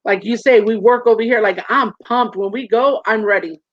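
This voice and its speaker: A woman in her forties, a guest in a casual interview, telling stories with lively acted-out quotes over a video call. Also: fairly high pitch, normal speed. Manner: animated storyteller, acts out quoted voices. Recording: muffled dry call audio.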